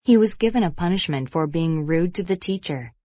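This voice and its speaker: A woman reading example sentences and a short story for a vocabulary lesson in clear, measured narration. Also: lowish voice, lively intonation, dark tone, dry recording, dull audio.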